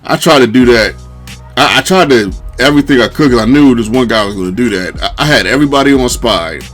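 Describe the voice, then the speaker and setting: A man's voice: fast, faint music behind. A man giving casual commentary over his own video game replay, loose and slangy, saying "man" often. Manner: animated, jumps to high pitch when quoting himself; relaxed slang, fillers like "man". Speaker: gaming commentator.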